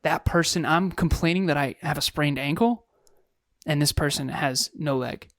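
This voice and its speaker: A man's voice: fairly high pitch, normal speed, a bit bright, no room sound, studio quality. A man in his thirties co-hosting a podcast, telling stories in an earnest, reflective way. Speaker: podcast co-host. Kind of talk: casual chat.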